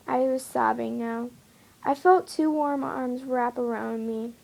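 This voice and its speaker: A young woman reads a fan story aloud at a slow, unhurried pace. Her voice sits a little high with a gravelly, creaky texture. She makes small slips now and then. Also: fairly even intonation, darkish tone.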